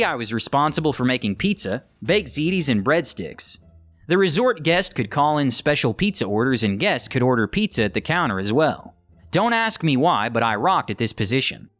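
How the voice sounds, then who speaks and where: A man narrating a story in an animated, lively way, his pitch rising and falling freely at a middle register. He acts out the quoted lines as he reads, with faint music playing underneath. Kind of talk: scripted narration of online stories.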